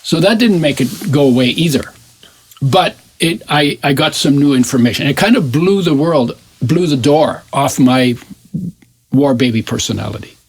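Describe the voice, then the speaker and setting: An older man in his eighties with a husky, slightly raised voice, speaking as an interview guest. He recounts his past thoughtfully and searches for words, often leaving sentences hanging. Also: a little high, lively intonation, moderate pace. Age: 80s. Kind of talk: reflective personal storytelling in an interview.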